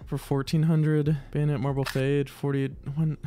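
A man's voice: mid-range voice, normal speed. A man giving casual commentary while opening online game cases, pleading and swearing in exasperation. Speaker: case-opening YouTuber.

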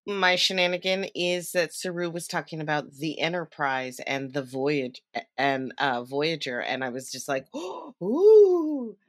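A low woman's voice, soft-spoken and dry. She co-hosts a fan podcast, stumbling over her words a little as her sentences trail away. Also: steady tone, normal speed, dry recording. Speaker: podcast co-host. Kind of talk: casual chat.

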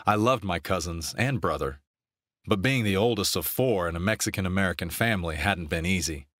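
A man narrating a romance novel in an even, steady storytelling voice on a close mic. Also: deep voice, no echo. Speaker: audiobook narrator.

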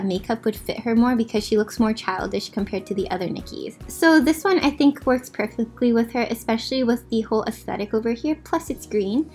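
A young woman with a slightly high voice chats casually as she walks through a game. She gushes, apologizes in asides and rambles on, with faint music playing underneath. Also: darkish tone. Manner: chatty, apologetic asides, gushing about outfits. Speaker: gaming video host. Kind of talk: casual gameplay commentary. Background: faint background music.

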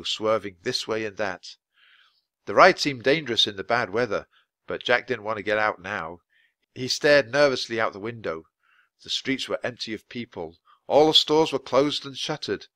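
A man reading a children's chapter book aloud for English learners, in clear, expressive storytelling. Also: on the low side, normal speed, dry recording. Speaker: audiobook reader.

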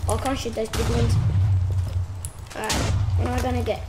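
A woman giving casual, excitable commentary while playing a game, shrieking at surprises. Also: fairly high pitch, fairly quick. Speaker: gaming channel host. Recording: echoey room with clear noise.

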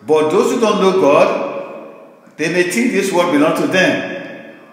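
An older man preaching a sermon as pastor, in an emphatic, repetitive cadence with slow, stressed phrases. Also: high-pitched, expressive. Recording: very echoey hall with long reverb.

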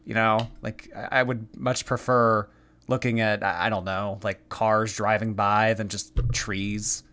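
A man's voice: lowish voice, level tone, measured pace, bright, forceful tone. A man giving sarcastic reaction commentary, mocking what he watches. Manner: snarky, mocking.

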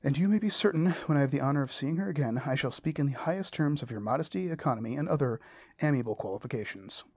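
A man reading the lines of a pompous, self-satisfied male clergyman proposing marriage, in a husky voice. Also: mid-range voice, animated, fast talker, no room sound. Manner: long-winded formal proposal, read aloud.

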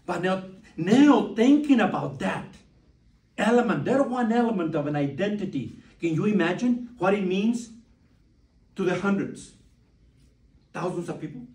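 High-voiced Mexican man lecturing in a roomy hall. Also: expressive, moderate pace, long pauses, darkish tone. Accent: Mexican Spanish. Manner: emphatic, repeats key words, asks rhetorical questions. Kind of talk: public lecture. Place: lecture room. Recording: roomy sound from far off.

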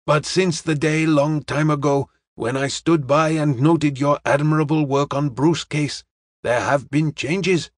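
A man voicing a polite, formal detective in an audiobook, speaking in measured, clipped phrases. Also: on the high side, steady tone, no echo, studio quality, pitched above the performer's own voice. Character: polite, formal middle-aged male detective. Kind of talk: audiobook character reading.

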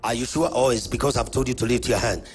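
A man's voice: fast talker, soft background music. A man with a Kenyan accent preaching at a church conference, calling out to the congregation and leading call-and-response. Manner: booming call-and-response preaching with sudden swings of pitch and volume. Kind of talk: sermon.

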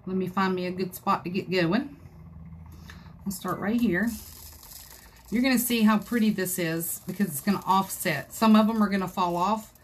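Chatty woman crafting live. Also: medium pitch. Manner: chatty, folksy, talks to viewers as she works. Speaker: craft tutorial host. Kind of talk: live-stream craft tutorial. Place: home craft room. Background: dogs scratching in another room.

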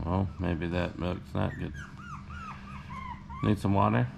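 A man chatting casually to puppies on a vlog, slipping into high sing-song baby talk. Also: steady tone, slow pace, gravelly, pauses often, over music. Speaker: vlogger showing puppies.

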